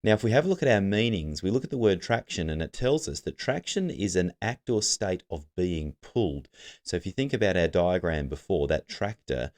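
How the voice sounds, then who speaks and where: A man's voice: sits low, darkish tone. A man teaching a recorded literacy lesson, giving patient step-by-step instructions to students.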